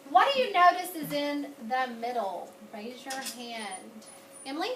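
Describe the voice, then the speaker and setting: A woman's voice: high voice, lively intonation, a little slow, background noise. A woman teacher, coaching a classroom of children in an upbeat, coaxing way and repeating key words. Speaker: elementary school teacher. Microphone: far camera. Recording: echoey classroom from far off.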